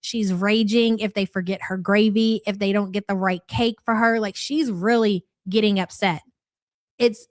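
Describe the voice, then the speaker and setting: A woman's voice: on the high side, no room sound, clean studio sound. Sarcastic woman hosting a live reaction stream. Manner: sarcastic, blunt, calls viewers "hun". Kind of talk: casual live commentary, reading viewer chats.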